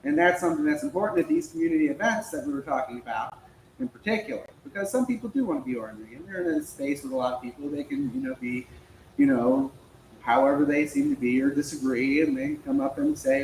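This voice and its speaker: Lively storytelling man in an echoey room. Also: a little high, fairly quick, vocal fry. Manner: lively storytelling, acts out quoted dialogue, laughs often. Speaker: speaker at a local political club meeting. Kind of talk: storytelling talk to a small audience. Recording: echoey room with faint noise.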